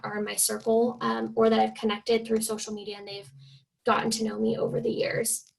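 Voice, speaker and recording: Chatty young woman with a gravelly edge. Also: on the high side, poor audio. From Oregon, USA. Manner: chatty, filler-heavy, acts out quoted people. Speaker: guest speaker, fitness coach. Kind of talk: casual team call talk.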